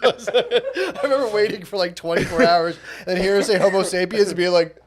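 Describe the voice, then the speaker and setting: Man, higher voice, podcast co-host, casual chat, profane, excitable storytelling. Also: fairly quick, hardly any pauses, a little hiss or hum.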